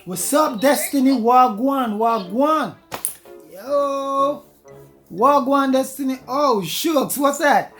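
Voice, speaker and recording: A woman's voice: sits high, slow, a bit bright, soft background music. A woman streamer pranking strangers on a video chat, putting on a Jamaican accent, teasing and giggling as she greets people with slang. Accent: put-on Jamaican.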